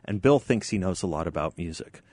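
A man hosting a studio radio talk show, joking with his guests and laughing loudly at his own stories. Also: low voice, animated, brisk, no echo.

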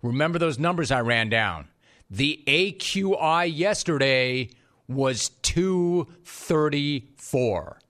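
A man hosting a sports talk show, delivering an energetic, sarcastic monologue with jokey asides in a studio. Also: a little high, slow pace.

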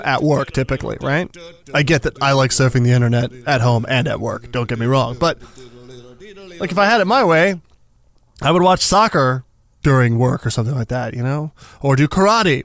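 A man hosting a casual radio news and chat segment, joking and laughing often. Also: mid-range voice. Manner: jokey, laughs often, animated. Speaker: radio show host.

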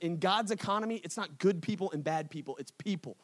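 A man's voice: high voice, brisk, hardly any pauses. A man preaching a sermon to a live crowd at an event, telling a story with playful voices for the characters and a casual, slangy way of talking. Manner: casual slangy delivery, addresses the crowd as y'all. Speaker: pastor. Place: event stage before a live audience.

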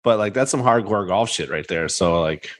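A man chatting casually on a sports podcast as a guest. He tells stories with animated energy, swearing freely and switching voices to act out what others said. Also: fairly low pitch, moderate pace. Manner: animated storyteller, swears, acts out quoted voices.

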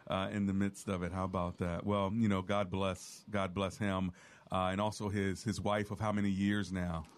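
A man with a lowish voice hosts a Christian radio call-in show. He talks in an affirming way and often chimes in while others speak. His delivery is that of a seasoned host. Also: flat delivery, normal speed. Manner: affirming, interjecting.

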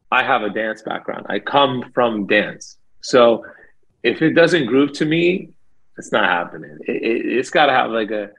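Middle-aged male singer, gravelly and a little husky, animated, talks in loose fillers. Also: mid-range voice, rough recording. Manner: enthusiastic, animated storytelling with many fillers. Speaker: lead singer of a band, guest. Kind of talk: casual interview chat.

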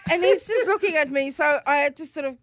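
A woman comedian guest telling an animated story on a radio show, laughing and acting out lines loudly, recorded in a studio. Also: high-pitched, fast talker, very noisy.

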